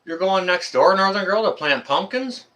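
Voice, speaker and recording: A man's voice: high voice, lively intonation, normal speed, pushed and bright. A man from Canada hosting a casual live stream, greeting viewers by name in a friendly, rambling way with many fillers.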